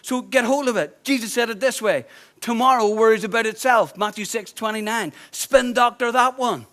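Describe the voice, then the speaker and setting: A pastor preaching with a notably high voice for a man. He is emphatic and conversational, driving points home by repeating phrases. Dry humorous asides are mixed into the sermon. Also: normal speed, pushed and bright.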